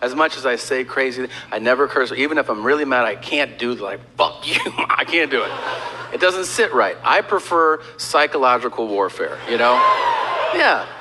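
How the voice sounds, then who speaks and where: A man's voice: mid-range voice, a little fast. A man telling a stand-up story and acting out both sides of a conversation, on a stage recording with audience noise. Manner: animated storytelling, acting out quotes. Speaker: stand-up comedian.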